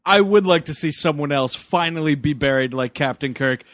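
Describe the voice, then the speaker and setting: A man co-hosting a podcast, recapping a movie in casual chat with an animated, sarcastic manner. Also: on the high side, normal speed, dry recording. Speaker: podcast co-host.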